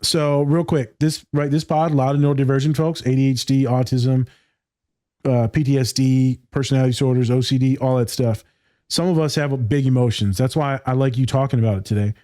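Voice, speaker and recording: A man's voice: mid-range voice, mellow, no echo, studio quality. A man hosting a podcast, talking casually and with emphasis, full of slang like "my guy" and free with swearing. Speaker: podcast host.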